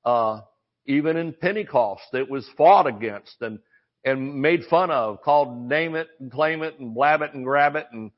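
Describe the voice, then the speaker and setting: A man's voice: mid-range voice, moderate pace, dull audio. Folksy older male preacher, rambling. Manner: folksy, rambling with many restarts and asides. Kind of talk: sermon.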